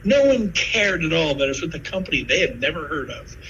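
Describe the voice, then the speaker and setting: A man in his fifties giving a sales pitch to fellow real estate agents, telling stories with lively asides. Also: a little fast, muffled recording, slight background noise. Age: 50s.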